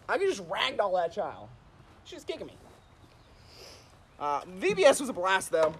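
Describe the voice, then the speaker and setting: A man's voice: high-pitched, huge pitch swings, moderate pace, pauses often, a little hiss or hum. Rambling man telling stories casually. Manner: rambling, full of "like", laughs at own stories. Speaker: streamer. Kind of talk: casual storytelling chat.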